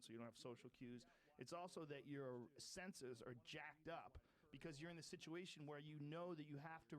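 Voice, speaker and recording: A man in his forties in casual podcast chat, swearing freely and acting out shouted quotes. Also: medium pitch. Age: 40s. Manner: profane, animated, acts out shouted quotes.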